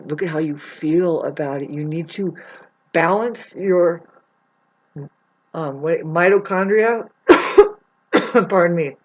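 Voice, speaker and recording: A vlogger speaking straight to viewers in a rambling, profane spiritual monologue, halting over restarts and fillers, jumping between loud bursts and low muttering. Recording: muffled lo-fi recording.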